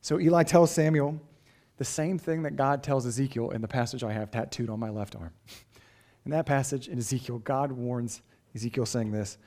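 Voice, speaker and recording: A man's voice: medium pitch, moderate pace, darkish tone. Earnest man preaching a sermon. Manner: earnest, emphatic preaching with rhetorical questions. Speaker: pastor.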